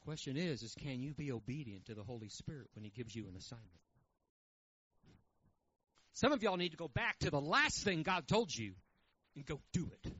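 Animated preacher man. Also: mid-range voice, normal speed, pauses often, breathy edge, lo-fi sound. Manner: animated, folksy, with quoted voices. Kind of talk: sermon storytelling.

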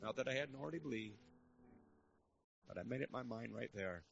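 A man's voice: medium pitch, fairly quick, creaky, a bit bright, highs cut off. An older man preaching a storytelling sermon in a church service, earnest and building to fervent exhortation.

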